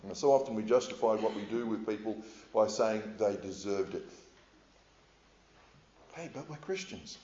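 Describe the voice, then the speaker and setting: A middle-aged man preaching a sermon in a measured, earnest way, with frequent hesitations as he speaks to a congregation. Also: on the low side, lively intonation, darkish tone. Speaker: pastor. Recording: echoey, slightly dull room sound.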